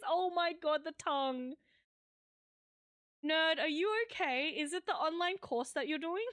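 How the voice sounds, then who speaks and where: A woman's voice: sits high, moderate pace, fairly bright tone, dry recording. A young woman streaming a game live, reading its dialogue aloud in a flustered, giggly way.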